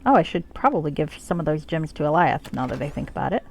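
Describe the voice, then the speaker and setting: A woman's voice: low-pitched, big pitch swings, quick pace, gravelly, a little mellow, a little hiss or hum. A woman streaming a role-playing game, with wry, joking asides. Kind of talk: casual let's-play commentary.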